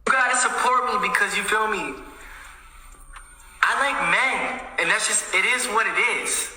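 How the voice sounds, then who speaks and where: Swaggering braggart, a man doing the voice, sharp and bright tone. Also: high voice, moderate pace, roomy sound, in a large hall, far from the mic, voice pushed up, low-quality recording. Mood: bragging. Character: boastful young man bragging loudly.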